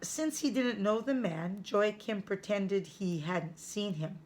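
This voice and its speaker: Teacher lady reading a kids' chapter book nice and slow. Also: mid-range voice, a little mellow, slight background noise. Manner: slow, careful read-aloud. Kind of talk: storybook reading to children.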